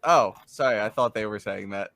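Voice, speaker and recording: A man in a tabletop game session with a bright, forceful voice. He banters with playful, deadpan questions. His voice sounds dry and close to the mic. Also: lowish voice, normal speed, creaky, no room sound. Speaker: player.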